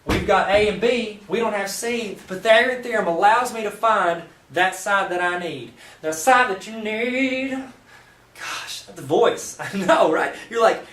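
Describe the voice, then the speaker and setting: A man's voice: sits high, moderate pace, hardly any pauses, a bit bright, slight background noise. A man teaching a math lesson at a whiteboard, explaining steps while cracking playful jokes and asides to the viewer. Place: room with a whiteboard. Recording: roomy, mic at a distance.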